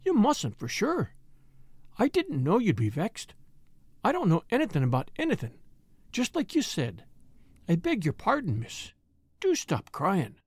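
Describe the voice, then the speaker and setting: A woman's voice: medium pitch, sing-song, moderate pace, dry recording. A woman voicing a kind, plainspoken young maid who talks in broad Yorkshire dialect. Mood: pleading. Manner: broad dialect, earnest and chatty.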